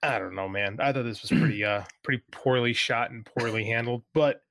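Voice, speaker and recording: A man's voice: mid-range voice, a little fast, dry recording. A man co-hosting a casual podcast chat, ranting with exasperation. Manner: exasperated ranting, animated swings. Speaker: podcast co-host.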